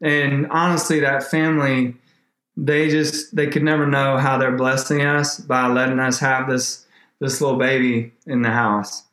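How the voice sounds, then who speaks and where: A man, a podcast guest, telling an emotional faith story in a rambling, animated way with many restarts. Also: medium pitch, measured pace, echoey room.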